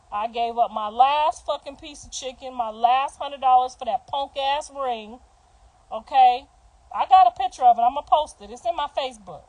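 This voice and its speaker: Middle-aged woman on a livestream, high voice, blunt and cussing, telling stories fast and loud. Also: low-quality recording. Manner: animated, profane and blunt. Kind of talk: livestream storytelling.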